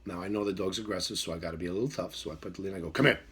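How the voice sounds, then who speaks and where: A man's voice: sits low, steady tone, very fast, slightly rough. A middle-aged man, a dog trainer, telling a story in an emphatic, repetitive way and acting out the voices in it. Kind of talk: storytelling monologue.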